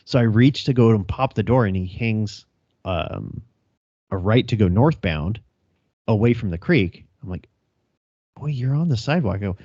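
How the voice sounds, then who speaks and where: A man's voice: lowish voice, normal speed, a little mellow, no room sound. A young male police officer telling a chase story on a casual podcast, laughing, swearing and acting out radio calls. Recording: dry, dull lo-fi sound.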